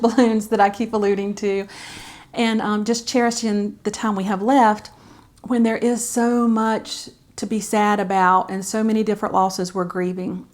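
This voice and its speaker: A middle-aged woman, talking candidly to camera as a caregiver vlogger, chatty and heartfelt with many fillers. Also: mid-range voice. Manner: chatty and heartfelt, with frequent fillers and soft laughs. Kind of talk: candid personal vlog talk.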